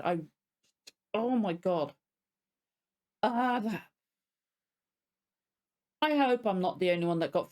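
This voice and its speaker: Exasperated woman ranting. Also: mid-range voice. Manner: exasperated ranting, swearing, apologetic. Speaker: reaction video host. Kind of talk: casual spoken review.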